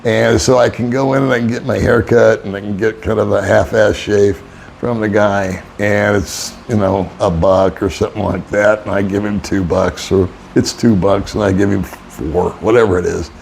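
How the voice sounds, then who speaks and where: A man's voice: lowish voice, steady tone, moderate pace, vocal fry, a little mellow, a little hiss or hum. An older man, an expat vlogger, telling a rambling, wry story in casual monologue and chuckling often. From United States.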